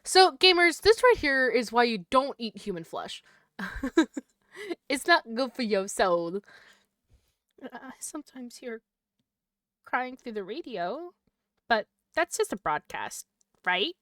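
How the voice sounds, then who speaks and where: A woman streaming a horror game, reading its text aloud in a low voice and breaking into loud, startled swearing. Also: big pitch swings, takes it slowly, long pauses, no room sound, studio quality. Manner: reads narration quietly, then reacts with loud startled swearing.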